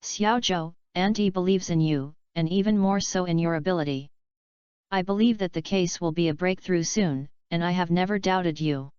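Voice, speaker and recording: A fretful middle-aged mother, quick to scold and quick to change her mind, as a woman narrator reads her. The voice sits a little low and is very smooth, read plainly rather than acted. The sound is dry and somewhat muffled, like a cheap recording. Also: darkish tone, no echo, close to an everyday voice. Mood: reproachful.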